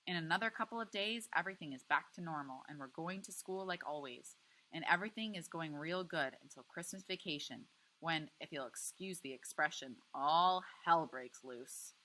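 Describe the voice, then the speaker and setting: A woman teacher reading a novel aloud to a class with expressive, lively storytelling. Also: low voice, normal speed, low-quality recording.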